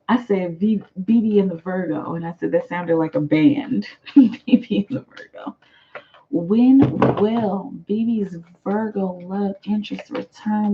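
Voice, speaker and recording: A woman's voice: medium pitch, dull audio. An American woman giving chatty live tarot readings, reading viewer comments aloud and laughing often. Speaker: tarot reader.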